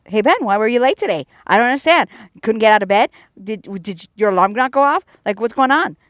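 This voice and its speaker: A woman's voice: on the high side, animated, quick pace, dry recording, lightly acted. A nosy coworker firing off prying questions in a raised, pushy voice, as a woman mimics her. The sound is dry and close.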